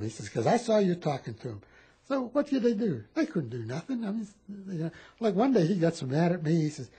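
A man in his eighties, a war veteran telling stories in a rambling, animated way at a home interview. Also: a little high, a little fast. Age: 80s. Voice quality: very husky. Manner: rambling, animated storytelling with repeated phrases.

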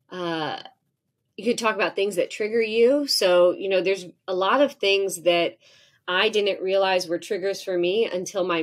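A woman in her forties, a professor guest on a podcast, talking candidly and acting out heated exchanges as she tells stories. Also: on the low side. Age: 40s. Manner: animated storytelling, acts out heated exchanges with laughter.

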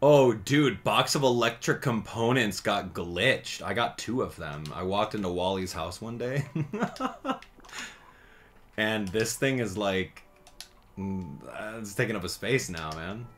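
A man giving casual gameplay commentary as a channel host, chatty and excitable, thinking out loud as he plays. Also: fairly low pitch, unhurried, a little hiss or hum.

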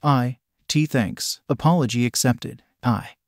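A man's voice: mid-range voice, brisk, a little mellow, dry recording, studio quality, natural voice. A man reading a shy, kind teenage boy who speaks hesitantly and apologetically. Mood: awkward.

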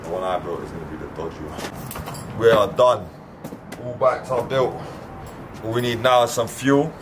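A man's voice: lowish voice, moderate pace, long pauses, recorded from a distance. A young man, bantering casually as a vlogger, cheeky and full of swearing and jokes. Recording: noisy background.

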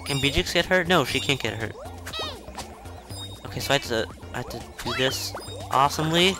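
A man casually commenting on a video game as he plays, chatty and rambling, with self-mocking asides and excited outbursts. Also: mid-range voice, brisk, pauses often. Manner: excitable outbursts during play. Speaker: video game let's-play host. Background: faint game music.

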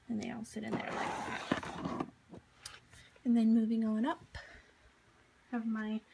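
A woman in her thirties narrates a casual tour of her home craft room, chatty and self-deprecating with plenty of fillers. Her voice sits a little high, picked up by the camera's own mic as she films. A faint hum of room noise runs underneath. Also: darkish tone, low-quality recording. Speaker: craft vlogger.

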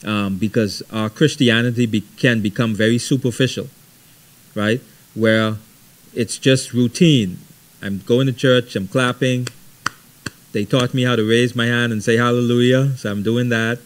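A middle-aged man leading a Bible study, teaching conversationally with lively stories and frequent "right?". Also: medium pitch, a little slow. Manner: animated storytelling, frequent ums and repeated "right?".

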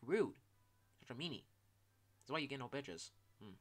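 A young man giving gameplay commentary. He talks in an animated, joking and profane way, with sudden shouts. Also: medium pitch, moderate pace. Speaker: gaming YouTuber.

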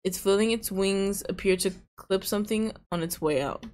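A woman's voice: mid-range voice, moderate pace, a little mellow. A young woman hosting her own gaming video, reading the narration aloud with playful mock drama. Her voice sits mid-range for a woman, and between passages she drops into easy, teasing chat. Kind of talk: reading game text aloud, casual commentary.

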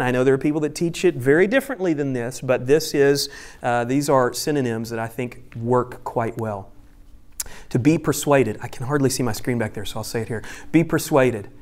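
A male pastor giving a conversational teaching sermon, explaining step by step with friendly asides. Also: a little high. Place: church room with a screen.

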